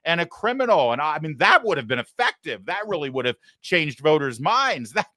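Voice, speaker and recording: A man hosting a talk show, giving sarcastic, mocking commentary in an animated way. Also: on the high side, brisk, dry recording, studio quality. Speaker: host.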